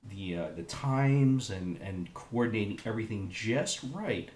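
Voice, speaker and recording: A man streaming a retro game live, chatting in a loose, rambling way full of slang and fillers. His voice sits a bit low, and the room around him is roomy and echoing. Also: expressive, a little slow, a little mellow, a little hiss or hum.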